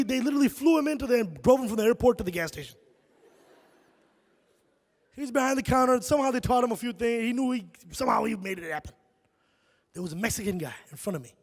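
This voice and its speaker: A man from Chicago performing animated stand-up comedy on a concert hall stage, often tossing "right?" to the crowd. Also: sits high, husky. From Chicago, USA. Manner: animated storytelling, frequent "right?" asides.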